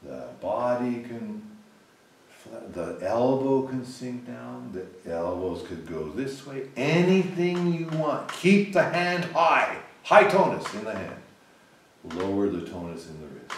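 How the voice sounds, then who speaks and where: Animated piano teacher in an echoey room. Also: male voice, mid-range voice, takes it slowly, far from the mic, slight background noise. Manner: animated, loud bursts of encouragement then soft guiding. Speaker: piano professor. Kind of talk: hands-on teaching in a class.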